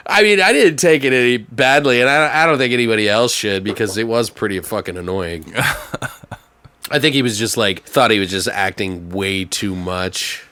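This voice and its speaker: A man's voice: on the low side, moderate pace, bright, forceful tone, no echo. A man co-hosting a podcast, chatting casually, laughing often and swearing a lot. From Arizona. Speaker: podcast co-host. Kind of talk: casual chat.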